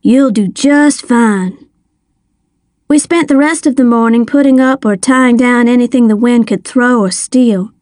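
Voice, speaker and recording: A woman narrating a first-person story in a measured, expressive audiobook reading. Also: a little high, no echo, clean studio sound.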